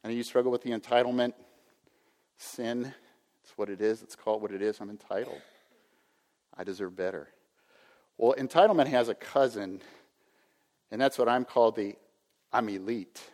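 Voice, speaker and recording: A man's voice: mid-range voice, brisk, long pauses, a little mellow. Older man preaching in a reverberant hall. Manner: earnest, acts out a self-important inner voice. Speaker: pastor. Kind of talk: sermon.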